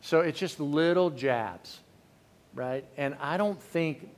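A man's voice: fairly high pitch, slow pace. A middle-aged man preaching a sermon in a candid, conversational way, often restarting his sentences. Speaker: pastor.

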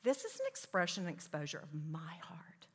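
A woman's voice: on the low side, wildly swooping pitch, a little fast, breathy edge. A woman in her fifties giving a Christian parenting talk to parents, chatty and storytelling with self-mocking asides. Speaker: parenting class teacher speaking to parents. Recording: echoey hall with long reverb.

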